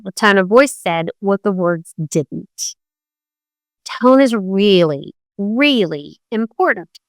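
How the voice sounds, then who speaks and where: Middle-aged woman host, lively monologue, clear bright voice, dry mic. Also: unhurried, no room sound. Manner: animated, acts out quoted tones with big pitch jumps. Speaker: podcast host. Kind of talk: conversational monologue on communication.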